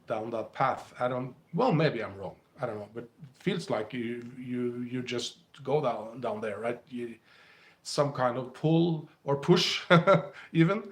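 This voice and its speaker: A man hosts a casual livestream, talking slowly with a gravelly edge to his voice. He muses aloud, pauses often, and repeats words while reading viewers' messages. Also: medium pitch. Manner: musing, hesitant, repeats words, reads chat aloud. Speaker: livestream host. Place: indoors, Krakow.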